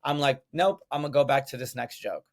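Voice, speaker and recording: A man who is a stand-up comedian, telling stories on a podcast over a video call, energetic and full of fillers like "like". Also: medium pitch, brisk. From United States. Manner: energetic storyteller, heavy use of "like". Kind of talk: casual podcast chat.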